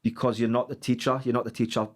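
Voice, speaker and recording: A man, a podcast guest speaking casually in a halting, hesitant way. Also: medium pitch, little pitch movement. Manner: halting, many fillers and restarts. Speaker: guest who works with kids. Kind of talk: casual chat.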